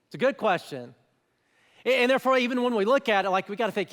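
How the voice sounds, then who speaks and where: Guy pastor giving a chatty sermon, kinda high voice, big echoey church hall. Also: fast. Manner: conversational, animated, with voiced asides. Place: church auditorium. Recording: church hall with long reverb.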